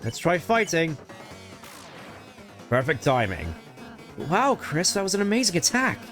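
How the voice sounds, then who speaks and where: A man putting on the voice of a bashful, kindly goat prince from a fantasy game. The voice sits higher than his own and stays gentle and polite, with hesitant pauses and a patient, coaching manner. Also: wildly swooping pitch, faint music behind, exaggerated voice. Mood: encouraging. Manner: soft, polite, hesitant with little ums. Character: gentle shy young fluffy goat prince. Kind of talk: video game voice-over reading.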